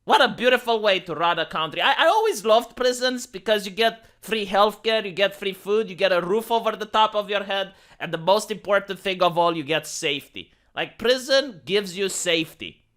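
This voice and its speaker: A man's voice: high-pitched, lively intonation, moderate pace, hardly any pauses, a bit bright. A man from Romania with a Romanian accent, ranting through sarcastic political commentary in a mocking, exasperated way. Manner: mocking, exasperated rants with put-on voices. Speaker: commentary streamer.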